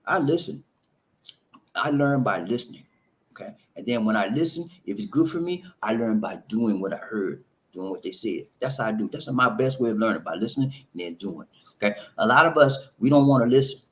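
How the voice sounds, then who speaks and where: A man's voice: mid-range voice, animated, fairly quick. A man giving relationship advice in an emphatic, preachy monologue, repeating himself and calling listeners "man".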